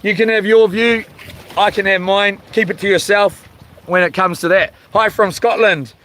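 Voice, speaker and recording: A man's voice: high-pitched, steady tone, moderate pace, a bit bright, a little hiss or hum, rough recording. A man with a New Zealand accent hosting a casual live stream, reading chat comments in a laid-back way with lots of ums and chuckles.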